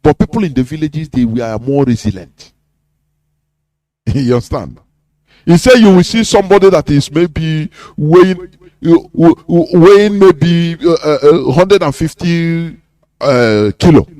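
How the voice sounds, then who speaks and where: A man's voice: fairly high pitch, expressive, measured pace, dark tone, no room sound. A man with a Nigerian accent giving an impassioned live radio talk. He is emphatic, often checks "you understand?" and chuckles between points. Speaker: radio presenter.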